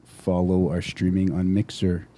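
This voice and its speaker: A man's voice: low voice, monotone, measured pace, dark tone. A man co-hosting a gaming podcast, rambling casually through his plugs with self-deprecating asides. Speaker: podcast co-host. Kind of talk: casual chat.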